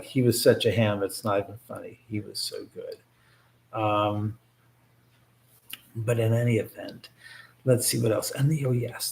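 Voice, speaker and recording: A man's voice: fairly low pitch, creaky, a little mellow. A man hosting a casual livestream, talking in a rambling, joking way with many restarts and asides to his viewers. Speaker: livestream host and filmmaker.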